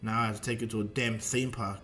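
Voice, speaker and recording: A man's voice: fairly low pitch, flat delivery, fast talker, a bit bright, soft background music, close to an everyday voice. A man voicing a proud, scornful alien warrior prince in a spoken fan retelling, talking curtly. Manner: scornful, curt.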